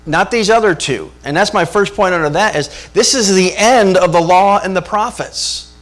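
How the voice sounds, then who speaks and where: A pastor delivering a sermon with animated energy, tossing rhetorical questions at his congregation. His voice sits a bit high for a man. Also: moderate pace.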